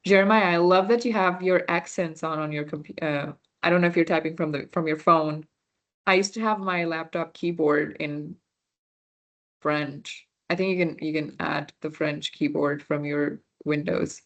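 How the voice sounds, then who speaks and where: A volunteer French workshop teacher with a low-sitting, steady voice runs a casual online beginner class at a moderate pace. She chats with students, answers their chat messages and corrects herself along the way, all in dull audio.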